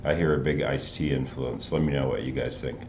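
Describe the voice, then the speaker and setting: Very deep-voiced older man musing. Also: fairly even intonation, heavy background noise. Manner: unhurried and musing, pausing to search for words. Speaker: music reaction host. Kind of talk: casual reaction commentary. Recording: roomy room with faint music.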